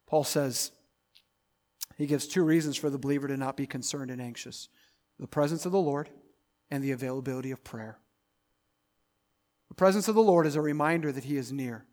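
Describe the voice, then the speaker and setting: A male pastor preaching a sermon, swinging from loud, emphatic build-ups to quiet, intimate asides. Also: medium pitch, brisk, pauses often.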